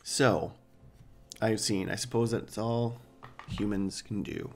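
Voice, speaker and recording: A man's voice: on the low side, fairly even intonation, slow pace, soft background music. A man hosting a let's play, giving casual gameplay commentary with joking, rambling asides.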